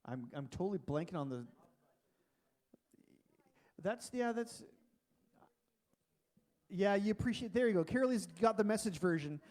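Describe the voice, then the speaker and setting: A man preaching a casual, animated sermon in a church, with frequent restarts. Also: high voice, measured pace, long pauses. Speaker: pastor.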